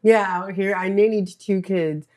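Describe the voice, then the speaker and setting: A woman's voice: mid-range voice, steady tone, a little slow, a little mellow. Podcast guest: young woman in her twenties, rambling storyteller, laughs a lot, filler-heavy casual chat. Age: 20s.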